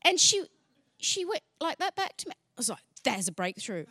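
A woman sharing a faith testimony as an animated story, acting out dialogue and laughing often. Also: very high voice, normal speed, no room sound.

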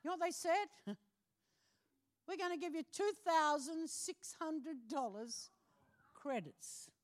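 A middle-aged woman speaks from the pulpit with a notably high voice, sharing a personal testimony. She tells the story with animation, slipping into the voices of the people she quotes. Laughter keeps breaking through her words. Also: slow pace. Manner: animated storytelling, acting out phone calls, laughing often. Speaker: preacher.

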